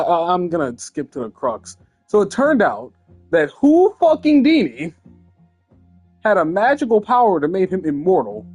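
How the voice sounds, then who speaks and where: With a slightly high, somewhat mellow voice and a breathy edge, a young male host spins crude, meandering stories full of profanity in a relaxed, comedic chat.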